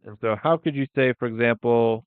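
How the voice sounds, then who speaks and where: A man teaching English live, thinking aloud in a relaxed way and working Spanish phrases into the lesson. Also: medium pitch, brisk, smooth, no echo. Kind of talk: live-streamed language lesson. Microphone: phone. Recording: dry, phone-like sound.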